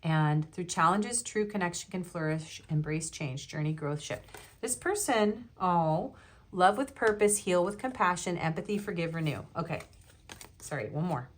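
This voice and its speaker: A woman with a notably low speaking voice leads a pick-a-card tarot reading. She rattles off card meanings, then drifts into loose, rambling talk and often leaves sentences unfinished. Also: expressive, moderate pace. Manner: rambling, trails off mid-sentence. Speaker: tarot reader.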